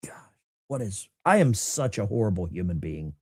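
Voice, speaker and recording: A man hosting live political commentary, incredulous and animated, talking straight to his chat. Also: fairly low pitch, normal speed, breathy edge.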